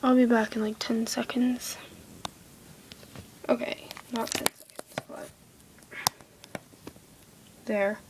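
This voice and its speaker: A teenage girl with a fairly high, level voice half-whispers a casual craft tutorial at home, speaking slowly with long pauses. She comes across as apologetic and easily irritated. An iPod camera sits close by, and faint background noise can be heard.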